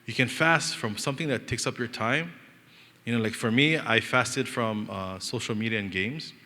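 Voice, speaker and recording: A young man from Hawaii preaches with a relaxed Hawaiian Pidgin lilt, his voice bright and forward. He tells stories in an animated, joking way and acts out the people in them, and his words ring out in the long reverb of a church hall. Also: medium pitch, moderate pace. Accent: Hawaiian Pidgin-inflected English. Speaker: pastor. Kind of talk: storytelling sermon.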